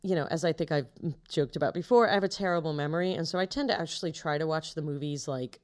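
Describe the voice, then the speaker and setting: A woman's voice: low voice, quick pace. A young woman co-hosting a podcast in casual chat, rambling and losing her train of thought. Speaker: podcast co-host.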